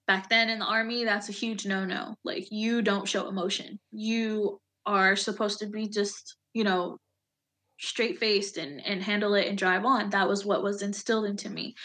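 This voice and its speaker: A woman veteran speaks with a bright, clear-toned voice. She tells a painful memory candidly and plainly, filling her sentences with pauses and small fillers as she goes. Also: medium pitch. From United States. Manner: candid, emotional retelling with many fillers. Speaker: Army veteran guest. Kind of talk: personal storytelling in an interview.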